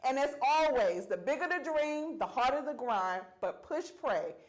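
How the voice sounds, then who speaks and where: A woman's voice: sits high, lively intonation, moderate pace. Effusive woman talk show host. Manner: effusive, calls people honey. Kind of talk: casual chat.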